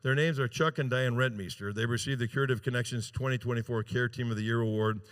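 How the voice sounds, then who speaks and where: A man's voice: mid-range voice, fairly even intonation, fast talker. A man working as a charity auctioneer at a gala, calling bids live into a handheld mic and coaxing bidders with joking banter. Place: large gala event room.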